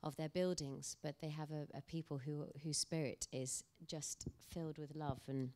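A woman speaking as an actor guest at an onstage panel discussion, telling anecdotes in an animated way. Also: sits low, moderate pace.

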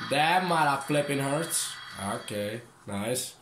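A man's voice: on the high side, animated, slow, long pauses, echoey room, noisy background. A young man giving casual gameplay commentary, joking, swearing and taunting the enemies on screen. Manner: profane, joking, talks to the game's enemies. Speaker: gaming channel host.

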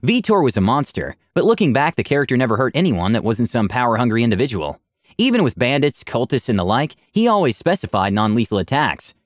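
A man narrating a story with lively pitch. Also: fast, dry recording, clean studio sound.

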